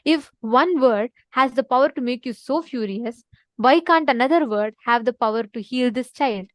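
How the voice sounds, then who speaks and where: A woman's voice: a little high, normal speed, dry recording, natural voice. A woman doing a wise sage man. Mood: calm. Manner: sharp then calm and knowing.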